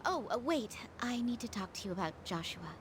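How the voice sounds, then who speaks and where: Game medic: young, anxious and pleading, raised pitch, noisy track. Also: female voice, very animated, fairly quick.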